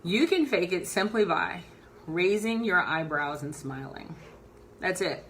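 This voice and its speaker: A woman coaching viewers on camera in a live video tutorial. Her voice is bright and forward, her delivery upbeat and animated. She moves around her indoor office while she talks, so she sometimes drifts a little off the mic. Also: lowish voice, measured pace, slight background noise.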